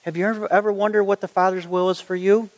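A man's voice: high voice, little pitch movement, quick pace, a little mellow, highs cut off. A middle-aged man preaching a sermon, earnest and conversational as he tells stories from his own life. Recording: long hall reverb.

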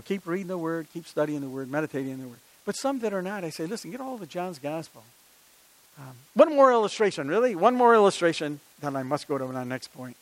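A man's voice: a little high, rough recording. An older man, preaching a sermon in a conversational style with many rhetorical questions and personal stories.

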